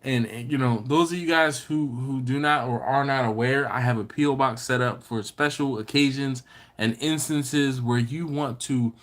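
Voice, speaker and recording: Male stream host, bright voice, casual and teasing while reading chat aloud. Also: medium pitch. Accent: Maryland. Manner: chatty, reads out viewer comments and teases them. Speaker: BBQ channel host. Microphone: computer or phone setup.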